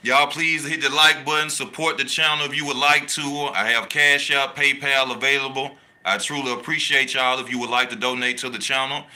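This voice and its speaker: Boxing channel host, man, very bright tense voice, animated slangy delivery that hammers each point home. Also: medium pitch, fairly quick, few pauses. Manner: animated, slangy, repeats his points for emphasis. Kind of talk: casual boxing talk, reading live chat.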